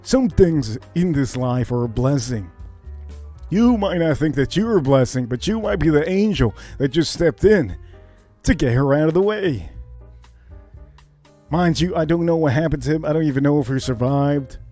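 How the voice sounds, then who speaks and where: Hosting a laid-back livestream, a man tells a loose, profane story at normal speed, acting out the sounds as he goes. His voice runs a little high and swings around a lot, animated throughout, with faint music in the background.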